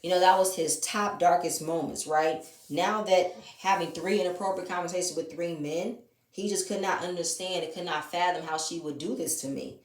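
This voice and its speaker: A woman's voice: lowish voice, normal speed, echoey room, distant mic. A woman giving a blunt, heated, profane review of a reality show reunion in casual commentary.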